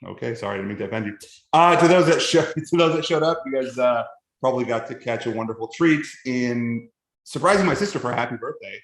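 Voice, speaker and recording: A man's voice: mid-range voice, expressive, fast, echoey room. A man co-hosting a podcast, talking in a joking, rambling way and laughing often. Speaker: podcast co-host. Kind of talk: casual podcast chat.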